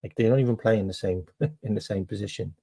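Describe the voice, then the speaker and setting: A man's voice: lowish voice, brisk, mellow, slightly rough. A man hosting a casual live stream, chatting to viewers with lots of ums and repeated phrases.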